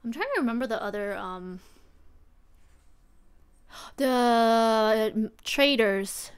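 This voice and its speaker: A woman's voice: on the high side, takes it slowly, smooth. Rambling young woman streaming. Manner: rambling, thinking aloud, trailing off. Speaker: livestreamer. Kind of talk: casual stream chat.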